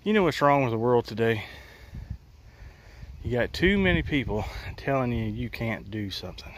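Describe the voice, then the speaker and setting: A man's voice: medium pitch, animated, normal speed. A man talking casually while working in his backyard garden, folksy and blunt with some mild cussing. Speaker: homesteading vlogger.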